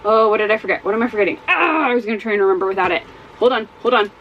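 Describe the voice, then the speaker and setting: Chatty woman with a lively, bouncing voice. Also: medium pitch, very fast, highs cut off, slight background noise. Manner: chatty, rambling, exclaims and repeats herself. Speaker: book vlogger. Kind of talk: casual reading vlog chat. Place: home with dogs.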